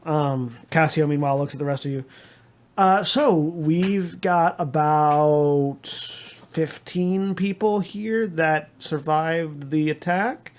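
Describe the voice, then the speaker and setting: A man with a voice on the high side runs a tabletop game as game master. He narrates haltingly and restarts often.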